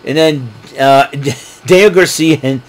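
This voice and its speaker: A man hosting a casual wrestling recap show, excitable and laughing often as he acts out what wrestlers said. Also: on the high side, slow pace. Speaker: wrestling podcast host.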